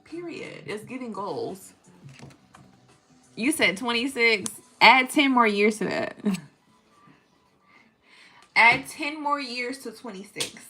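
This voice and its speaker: A woman's voice: a little high, lively intonation, slow, long pauses, bright, forceful tone, soft background music, poor audio. A woman in her thirties chatting casually on a livestream at home, reading out viewer comments and laughing often. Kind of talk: casual live-stream chat. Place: at home, tidying up.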